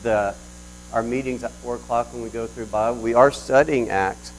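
A man's voice: medium pitch, steady tone, moderate pace, a little hiss or hum, low-quality recording. Man preaching a storytelling sermon. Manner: conversational storytelling with restarts.

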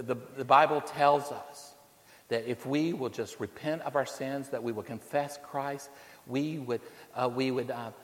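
A male preacher giving a sermon, shifting between quiet pleas and rising storytelling, sometimes repeating words as he searches for the phrase. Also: mid-range voice. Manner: builds to loud storytelling, then drops quiet. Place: church sanctuary. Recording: long hall reverb.

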